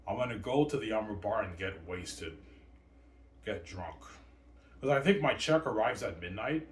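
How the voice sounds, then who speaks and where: A man's voice: fairly low pitch, lively intonation, moderate pace. A man rambling in a long monologue, repeatedly tacking "man" onto his sentences. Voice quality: repetitive, trails off with "man". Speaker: vlogger. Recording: roomy, distant from mic, faint noise.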